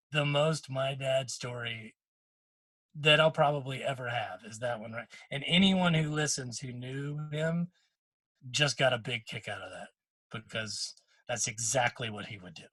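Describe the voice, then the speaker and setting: A middle-aged man co-hosting a podcast, telling a moving personal story in casual chat, with frequent restarts and quick quoted lines from others. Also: medium pitch, fairly bright tone, no room sound. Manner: emotional storytelling with many restarts; quotes others in short bursts. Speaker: podcast co-host.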